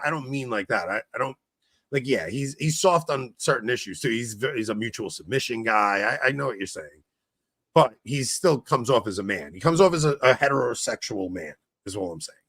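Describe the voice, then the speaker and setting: A man's voice: mid-range voice, lively intonation, fairly quick, gravelly, a bit bright, slightly rough, no echo. A man hosting a podcast, chatting casually and animatedly, laughing often and restarting his sentences. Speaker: podcast host.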